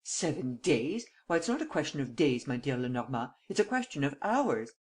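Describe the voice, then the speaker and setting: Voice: mid-range voice, big pitch swings, natural voice. A reader voicing a blustering, impatient French premier. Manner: blustering, quick to exclaim.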